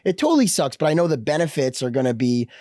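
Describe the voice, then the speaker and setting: A man's voice: a little high, very animated, fast talker, mellow, no room sound, studio quality. A man appearing as a podcast guest, talking bluntly and emphatically in casual conversation. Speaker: podcast guest, business partner.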